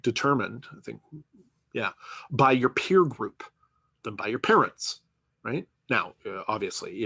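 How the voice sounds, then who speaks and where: A man's voice: medium pitch, a bit bright, dry recording. A male lecturer talks through a university class in a loose, conversational way, often checking in with his listeners. His voice sits in a middle range and is recorded dry, with little room sound. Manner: conversational, peppered with "right?" and "you know".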